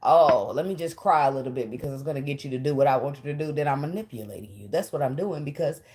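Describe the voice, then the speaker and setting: A woman with a low, deep voice reads tarot cards in a loose, casual way. She talks bluntly and swears freely, and she laughs often as she goes. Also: quick pace, darkish tone. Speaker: tarot reader.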